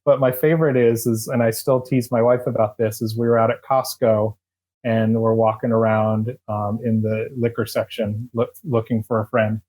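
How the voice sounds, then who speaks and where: A middle-aged man talks through his memories as an interview guest, circling back with fillers and false starts. His voice sits at an ordinary middle pitch, and his delivery is loose and conversational. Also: little pitch movement, normal speed, a little mellow. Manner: rambling, many restarts and fillers. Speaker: guest, former eBay employee. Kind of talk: casual interview storytelling.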